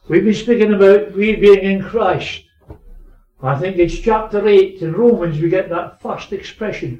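A man preaching a sermon, swinging between raised emphasis and quiet asides. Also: sits high, normal speed. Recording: echoey, distant, muffled recording.

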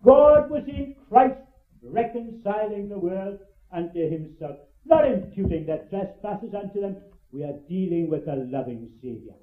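An older preacher with a rather high voice delivers a fervent evangelistic sermon, repeating his phrases for emphasis. He swings from urgent, ringing cries to low, hushed asides. The old recording sounds thin and phone-like, with a roomy echo around him. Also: very animated, a little slow. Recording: tinny, echoey old sermon tape.

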